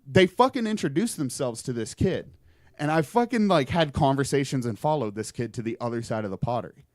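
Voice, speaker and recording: A man's voice: medium pitch, brisk, dry recording. Swearing young man telling a creepy story. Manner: rambling, swearing, animated retelling. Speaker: podcast guest. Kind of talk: casual storytelling.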